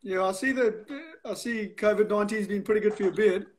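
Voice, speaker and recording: A man's voice: high-pitched, steady tone, quick pace. A man from South Africa as a guest on a video call interview, easygoing and self-deprecating.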